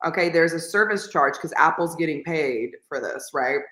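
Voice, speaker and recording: A woman's voice: deep voice, moderate pace, a bit bright. A woman co-hosting a casual reading livestream, chatty and rambling, often quoting people in put-on voices. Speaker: podcast co-host. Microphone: video call. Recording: echoey room on a laggy video call.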